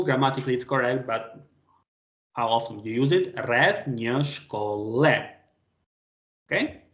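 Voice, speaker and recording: Male language tutor, gravelly voice, patient, roomy echo on a video call. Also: medium pitch, highs cut off. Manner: patient, questioning students by name. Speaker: language teacher. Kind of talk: online class teaching.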